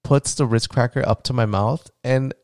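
A man's voice: mid-range voice, steady tone, moderate pace, darkish tone, no echo, studio quality. A man hosting a casual solo podcast, rambling and heartfelt, with many fillers, and tender and emotional when he talks about his child. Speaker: podcast host.

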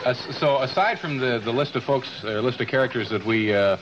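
A man hosting a talk show who asks his questions haltingly, full of fillers. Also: mid-range voice, lo-fi sound, slight background noise.

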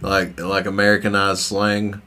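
Male podcast co-host, slightly low voice, loose rambling delivery with casual swearing. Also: monotone, a little slow, sharp tone. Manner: loose, rambling, swears freely, laughs often. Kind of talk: casual chat.

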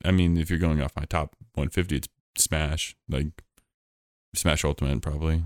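A man's voice: extremely low pitch, fairly even intonation, normal speed, darkish tone, no echo, studio quality. A man hosting a podcast, chatting casually in a rambling, jokey way with lots of fillers. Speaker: podcast host.

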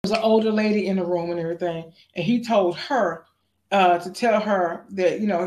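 A woman's voice: fairly even intonation, fairly quick, darkish tone. Woman actress telling stories animatedly. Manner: acts out quotes with big pitch jumps. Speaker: actress guest. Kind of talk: animated storytelling.

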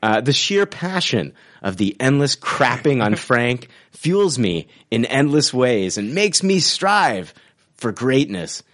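A man's voice: medium pitch, sing-song, slow pace, fairly bright tone. A man co-hosting a casual podcast, reading listener reviews aloud with laughter and mock drama. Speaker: podcast co-host.

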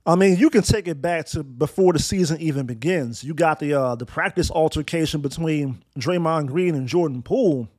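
A man's voice: fairly high pitch, moderate pace, few pauses, a little mellow. A man hosting a sports talk show, ranting bluntly and profanely, with sarcastic strings of insults. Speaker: sports podcast host.

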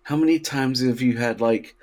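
A man's voice: medium pitch, normal speed, a little mellow. A man cohosting a podcast, teasing the others in a mock-exasperated way. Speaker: podcast co-host. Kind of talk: casual chat.

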